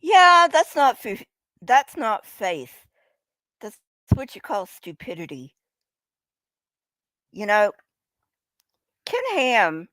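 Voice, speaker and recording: A woman's voice: a little high, very animated, slow, long pauses, sharp tone, no echo. A woman streaming casual commentary in a blunt, sarcastic and mocking way.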